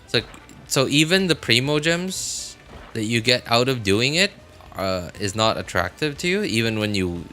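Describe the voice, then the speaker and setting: A man's voice: medium pitch, very animated, moderate pace, bright, forceful tone. A man on a casual gameplay livestream, sleepy and yawning, rambling as he talks back to his viewers' chat. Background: faint game music.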